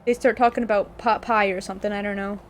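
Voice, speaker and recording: Streaming a game, this young woman from the United States talks fast in a medium-pitched voice with little pitch movement. She rambles casually, giggling and laughing often, over a little hiss or hum.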